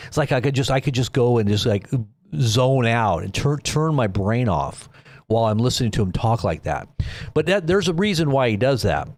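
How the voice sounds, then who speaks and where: A man's voice: medium pitch, animated, normal speed, darkish tone, no room sound, clean studio sound. A man hosting a live commentary stream, talking in a rambling, preachy way full of warnings. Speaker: commentary host.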